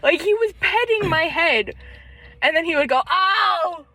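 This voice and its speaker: A woman's voice: very high-pitched, expressive, normal speed, sharp tone, poor audio. A young woman co-hosting a casual podcast chat, telling a story with lots of laughter and acted-out quotes. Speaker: podcast co-host.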